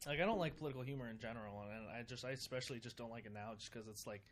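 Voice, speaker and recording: A man hosting a podcast in a small studio, a deadpan joker who uses lots of filler words. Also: medium pitch, rapid-fire, slight background noise. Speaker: podcast host. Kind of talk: casual chat.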